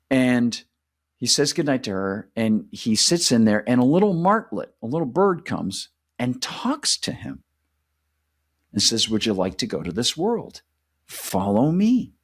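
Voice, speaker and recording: An American man talks through a fantasy book in a loose, excited way, circling back and restarting his sentences. His pitch moves a lot, rising and falling as he gets carried away. He sounds like a channel host speaking casually to his viewers. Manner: enthusiastic, rambling with restarts. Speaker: channel host, former writing fellow.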